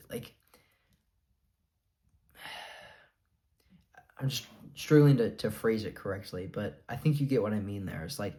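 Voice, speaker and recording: A man's voice: medium pitch, a little mellow. Earnest rambling young man vlogging. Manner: rambling, filler-heavy, earnest and a bit defiant. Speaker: vlogger sharing his diet experience. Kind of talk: casual talking-to-camera monologue.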